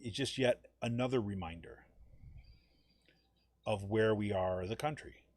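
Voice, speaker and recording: A man with a lowish voice hosts a live political podcast, talking off the cuff. He rambles and loops back on himself, peppering every thought with "right?" The sound is dry and close, with no room around it. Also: a little slow, a little mellow, no room sound. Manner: rambling, frequent "you know" and "right?". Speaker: podcast host. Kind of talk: casual political talk.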